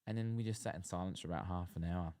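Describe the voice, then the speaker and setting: A man's voice: low voice, fast, dark tone. A man telling rambling anecdotes about old housemates in a casual podcast chat, with fillers and laughs along the way. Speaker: guest.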